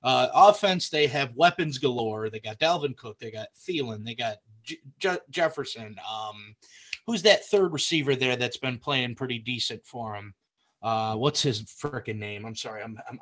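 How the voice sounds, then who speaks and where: A man co-hosting a live sports prediction show, excitable and rambling, laughing easily. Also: mid-range voice, moderate pace. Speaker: podcast co-host. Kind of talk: casual sports prediction chat. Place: home setup streamed live.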